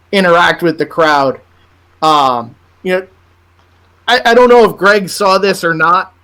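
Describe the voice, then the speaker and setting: A man's voice: sits high, sharp tone. A man hosting a wrestling podcast, asking long rambling questions in a casual, friendly way. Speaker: podcast host. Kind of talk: casual interview chat.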